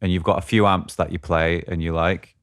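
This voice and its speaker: Deep-voiced man chatting casually. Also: fairly even intonation, fairly quick. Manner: chatty, thinks aloud, searches for words. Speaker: podcast co-host. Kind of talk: casual chat about guitar gear.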